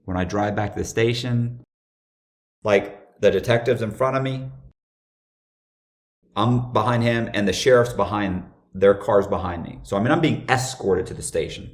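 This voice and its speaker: A man with a voice on the low side appears as a guest on an interview podcast, sharing a personal story at a moderate pace. He's casual and animated, acting out the dialogue as he goes.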